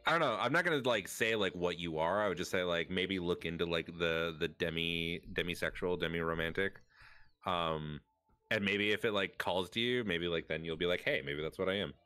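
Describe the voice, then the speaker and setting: Deep, bright-toned male streamer. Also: normal speed, clean tone, no room sound. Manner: casual, swears, thinks aloud. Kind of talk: casual live stream chat while drawing.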